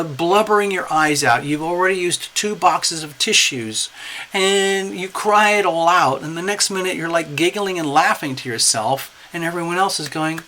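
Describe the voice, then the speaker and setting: Male tarot reader, bright and animated, coaxing tone. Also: fairly high pitch, slight background noise, low-quality recording. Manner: animated, coaxing, repeats "okay?". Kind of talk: casual tarot reading monologue.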